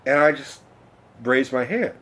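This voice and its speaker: A man telling a long personal story in a casual vlog rant, rambling and excitable, swearing often and restarting his sentences. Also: medium pitch, a little slow. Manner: rambling, excitable, profane, many fillers and restarts. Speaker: vlogger.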